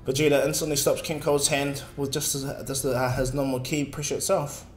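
A man's voice: medium pitch, level tone, brisk. A man casually narrating a fan story in a rambling way, with filler words. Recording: echoey room, faint music.

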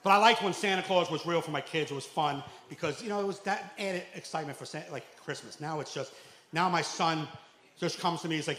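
A stand-up comedian, telling stories loudly on a club stage, acting out quotes and shouting punchlines. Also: male voice, a little high, brisk. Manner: loud storytelling with acted quotes, shouting punchlines. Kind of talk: stand-up set. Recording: echoey club room, faint noise.

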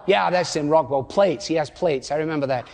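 Emphatic high-voiced older preacher. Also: male voice, fairly quick. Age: 60s. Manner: animated rhetorical questioning, emphatic repetition. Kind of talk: sermon. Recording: long hall reverb.

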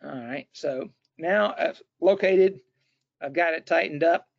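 A middle-aged man with a fairly high voice talks through a hands-on demonstration in a loose, chatty way, full of fillers and restarts. The audio is dry and dull, like lo-fi webinar sound. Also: measured pace, gravelly, dry recording. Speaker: webinar presenter.

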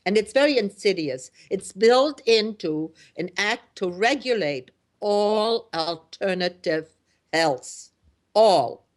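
A woman's voice: medium pitch, animated, takes it slowly. A middle-aged woman from Germany hosting a radio talk show, talking in an indignant, emphatic way with many fillers and restarts. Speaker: host.

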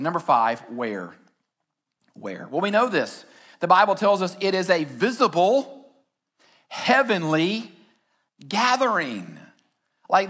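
This sermon comes from a man preaching on a church stage, his high voice ringing out bright and forceful. Readings from scripture alternate with storytelling he shouts with excitement.

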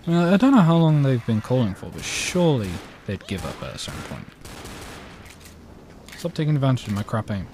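A British man giving gameplay commentary, chatting to himself with quiet mutters and sudden outbursts. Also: mid-range voice, very animated, brisk, slight background noise. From Britain. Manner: chatty, jumps between mutters and sudden exclamations. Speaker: let's play gamer.

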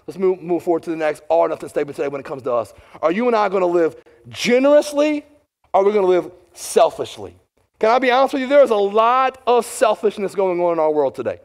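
A middle-aged male pastor delivering a sermon with a notably high-pitched voice. He talks conversationally and keeps turning to his listeners with questions. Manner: conversational, asks the congregation questions.

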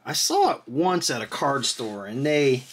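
A host with a husky, mid-range voice and measured pace opens trading card packs on camera with excitement. His casual commentary is full of exclamations, apologies, and rambling asides.

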